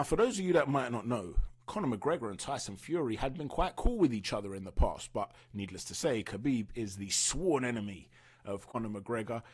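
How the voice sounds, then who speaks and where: Male host, husky tone, chatty and opinionated in casual fight-news commentary. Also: medium pitch, darkish tone. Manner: chatty, opinionated, asks viewers for their views. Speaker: boxing channel host.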